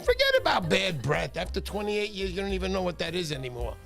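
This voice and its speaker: A middle-aged man hosting a fishing livestream, exuberant and loud, shouting viewers' names and joking with his wife. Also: high-pitched, sing-song, fast talker, vocal fry, soft background music. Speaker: fishing show host. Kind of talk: excitable livestream chat.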